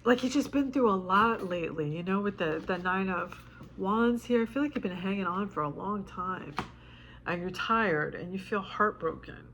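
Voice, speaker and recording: A woman's voice: mid-range voice, fairly bright tone. Woman tarot reader, casual talk to camera, choked up and tearful, chatty, light swearing, faint noise behind.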